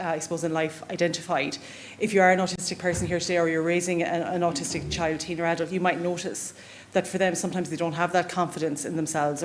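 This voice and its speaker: A woman speaks at a conference through a stage microphone. She talks fast in a lowish voice, chatty and self-deprecating, with faint room noise behind her. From Ireland. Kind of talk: conference presentation.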